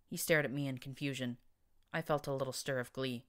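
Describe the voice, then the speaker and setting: A woman narrating first-person fan fiction as an audiobook, in an expressive, dramatic reading. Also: extremely low pitch, a little fast.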